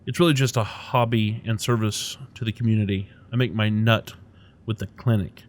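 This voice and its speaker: A man's voice: fairly low pitch, steady tone, moderate pace, slight background noise, lightly acted. A man voicing a cheerful, hungover middle-aged male street doctor in a video game, with a loose Midwestern accent and a boisterous, jokey manner. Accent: Midwestern American put on. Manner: boisterous, jokey, words piling together.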